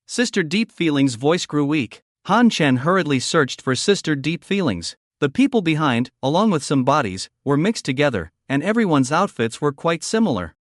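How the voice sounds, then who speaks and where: A man tells a comic story recap in a scripted, dramatic way. His voice sits a bit high and swings widely in pitch. The sound is close and dry, with no room echo. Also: big pitch swings, normal speed, hardly any pauses. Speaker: recap narrator.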